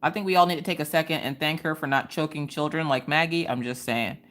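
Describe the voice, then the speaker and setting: A woman hosting a casual crafting livestream, telling stories in an animated, slangy way and talking straight to her chat. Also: sits low, fast talker. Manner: animated storytelling, quotes people in different voices. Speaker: livestream host.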